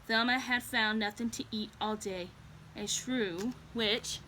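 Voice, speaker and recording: A woman reads a children's story aloud, gentle and slow. Her voice sits a bit high and sounds bright and clear. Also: fairly even intonation, a little hiss or hum. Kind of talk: storybook reading.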